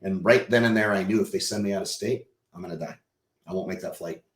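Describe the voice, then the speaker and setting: A man with a fairly low voice tells a personal story as a podcast guest, acting out what people said. He drops to a hush, then bursts out loud and excited. The room around him has a roomy echo. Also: fast talker. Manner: vivid storyteller who acts out quoted dialogue; swings from hushed to loud and excited.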